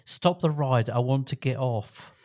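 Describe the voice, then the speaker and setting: A man's voice: mid-range voice, a little slow, darkish tone, dry recording, clean studio sound. A middle-aged man from England co-hosting a podcast in a playful, jokey, casual chat. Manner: jokey, playful, breaks into song. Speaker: podcast co-host.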